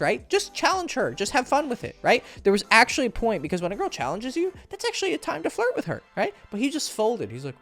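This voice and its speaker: A man coaching on dating, speaking straight to the camera with a very lively voice that leaps up for emphasis. He is blunt and swears freely, tossing in "right?" and "okay?" over faint music. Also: fairly quick. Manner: blunt and profane, keeps checking in with "right?" and "okay?"; animated, jumps up in pitch for emphasis. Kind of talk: direct-to-camera advice monologue.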